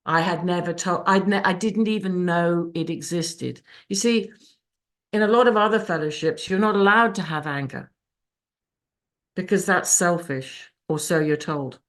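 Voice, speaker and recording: Woman, lowish voice, raw emotional recovery share, swears, video call. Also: measured pace. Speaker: speaker sharing her recovery story. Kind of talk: personal testimony at a support meeting.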